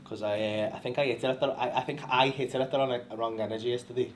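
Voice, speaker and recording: A man's voice: medium pitch, steady tone, slight background noise. A male stand-up comedian chatting backstage after a show, blunt and full of swearing. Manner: blunt, sweary, quick banter. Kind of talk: casual backstage chat. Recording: echoey room.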